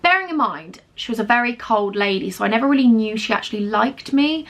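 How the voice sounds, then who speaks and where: A woman's voice: a little high, animated, brisk. A young woman, telling a storytime to camera at home in a chatty, emphatic, gushing way. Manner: chatty, emphatic, gushing, talks straight to viewers. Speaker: vlogger. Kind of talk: casual storytime chat to camera.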